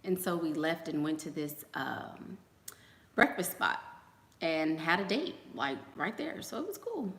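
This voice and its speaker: Chatty woman with a low voice. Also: lively intonation, measured pace, fairly bright tone, reverberant. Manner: chatty, gossipy storyteller who acts out quotes; frequent fillers and trailing asides. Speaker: host. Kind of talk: casual livestream chat with viewers.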